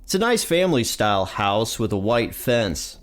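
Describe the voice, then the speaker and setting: A man's voice: lowish voice, sing-song, normal speed, soft background music. A man with a stuffy nose from allergies, hosting a podcast and recapping a cartoon episode in a chatty, upbeat way. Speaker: podcast host.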